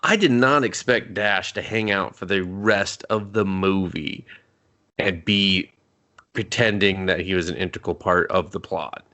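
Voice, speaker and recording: A man's voice: low-pitched, pushed and bright. A man co-hosting a movie review show, trading sarcastic, profane jokes in casual talk. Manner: sarcastic, swears often, quick jokes. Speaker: movie review podcast co-host.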